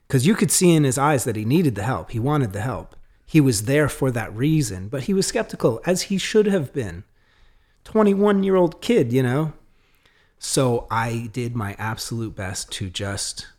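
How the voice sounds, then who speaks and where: A man, a podcast guest, telling a story in a casual way, acting out the dialogue of the people in it. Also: medium pitch. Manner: animated, acts out quoted dialogue; frequent fillers and restarts.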